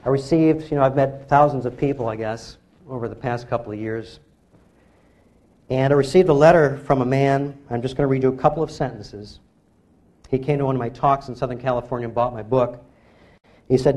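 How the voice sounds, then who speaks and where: A man's voice: medium pitch, fairly even intonation, fairly quick, darkish tone. A man, an author giving a public talk, delivering an emphatic, rallying lecture that exhorts his audience.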